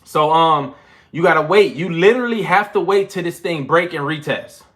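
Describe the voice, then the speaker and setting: A young man talks through a casual trading livestream, loose and slangy. He sounds winded, and his voice sits a bit high with a bright, forceful edge. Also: normal speed. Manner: loose, slangy and animated, counting push-ups between chart talk. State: out of breath. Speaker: trading channel host.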